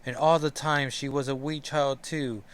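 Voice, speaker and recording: A man's voice: medium pitch, flat delivery, normal speed, a bit bright, clean tone, pitched above the performer's own voice, lightly acted. A man voicing a young man who grieves tearfully over a lost girl. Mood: grieving. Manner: tearful, sorrowful.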